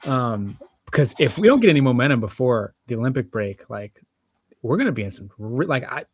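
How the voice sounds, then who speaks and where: A man's voice: medium pitch, very animated, brisk, husky, dry recording. A young man co-hosting a sports podcast, talking casually and hesitantly with many fillers. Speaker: podcast co-host.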